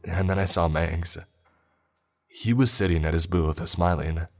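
A man narrating a first-person story in a measured storytelling delivery. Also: low voice, fairly even intonation, gravelly, faint music behind.

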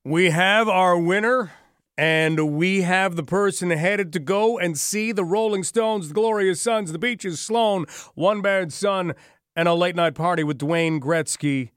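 A man's voice: high-pitched, unhurried, a bit bright, smooth, no room sound. A man hosting talk radio from a studio mic, conversational and wry, with dry sarcasm. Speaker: radio talk show host. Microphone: studio microphone.

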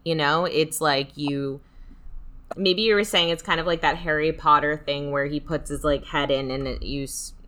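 Young woman on a podcast, bright and kinda low, rambly, lots of "like". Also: steady tone, normal speed. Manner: rambling, filler-heavy, emphatic. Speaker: podcast co-host. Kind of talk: casual chat.

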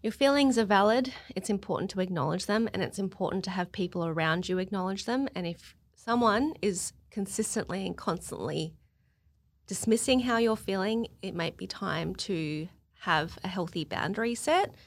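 A woman from Australia talks as a podcast guest in an open, emotional way. Her speech is animated and full of fillers, and her pitch sits in a middle range. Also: moderate pace. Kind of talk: casual podcast chat.

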